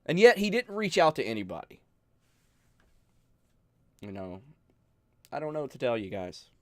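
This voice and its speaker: A man hosting a channel, talking earnestly and emotionally to his viewers, pleading with them, sighing and pausing as he speaks. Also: medium pitch, big pitch swings, dry recording, studio quality. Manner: emotional, pleading, with sighs and pauses. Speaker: channel host. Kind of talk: earnest heartfelt talk to viewers.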